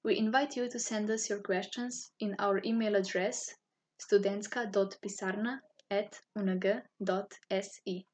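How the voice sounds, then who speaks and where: Breathy-voiced woman. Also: mid-range voice, normal speed. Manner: formal, even-toned reading. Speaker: university student office staff. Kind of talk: scripted informational narration.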